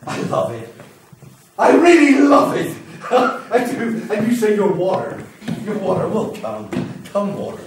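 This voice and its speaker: A man's voice: medium pitch, big pitch swings, normal speed, background noise, natural voice. A man acting a grandiose, lonely figure who is fire itself, in a live spoken-word stage show, swinging between boasting and apology. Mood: boastful. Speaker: stage performer. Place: theatre stage. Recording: roomy live venue from far off.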